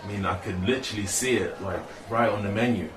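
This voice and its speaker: A man's voice: lowish voice, quick pace, fairly bright tone, roomy sound, far from the mic, a little hiss or hum, lightly acted. A man playing a polite, puzzled customer in a comedy sketch, speaking in formal, overly courteous phrases. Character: polite, puzzled male customer ordering food.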